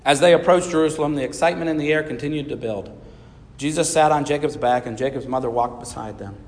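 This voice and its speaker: A man reading a children's Bible story aloud in a measured storybook manner. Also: medium pitch, a little mellow. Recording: reverberant hall.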